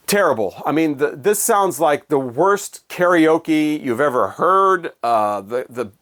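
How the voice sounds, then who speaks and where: A man's voice: fairly high pitch, expressive, takes it slowly, fairly bright tone. A man chatting casually about records in his collection, with wry, sarcastic, rambling commentary. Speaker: vinyl record collector vlogger. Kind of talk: casual chat.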